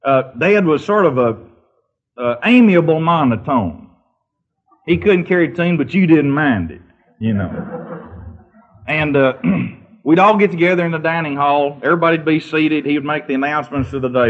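An older man recounts silly anecdotes in a loose, folksy manner. His voice sits high for a man. The recording sounds muffled and lo-fi. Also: animated, normal speed, long pauses. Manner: folksy anecdotal storyteller, breaks into sung bits and laughter. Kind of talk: humorous storytelling. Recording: dull lo-fi recording.

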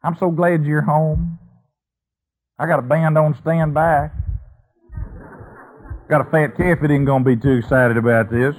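Blustery, folksy old father, overjoyed and loud, as a preacher puts him on. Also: on the high side, steady tone, unhurried, long pauses, pitched below the performer's own voice, close to an everyday voice, rough recording. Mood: joyful. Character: gruff loving old father, warm and emphatic.

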